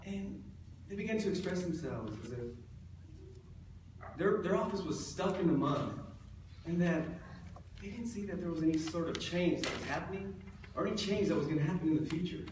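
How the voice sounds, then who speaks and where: Man, conference presenter, joking with the crowd, high-pitched, far from mic, very echoey hall. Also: animated, a little fast. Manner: joking, engages the audience. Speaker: chief appraiser presenting. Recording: echoey hall, distant mic, faint noise.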